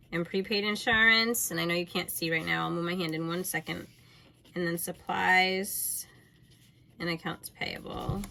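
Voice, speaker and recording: A woman's voice: medium pitch, sharp tone. A woman teacher recording a lesson, explaining step by step in a patient, conversational way and talking straight to her students.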